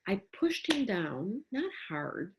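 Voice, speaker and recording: A middle-aged woman giving a casual talk to parents as an astrologer, animated and acting out what she would say to a child. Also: mid-range voice, takes it slowly, background noise.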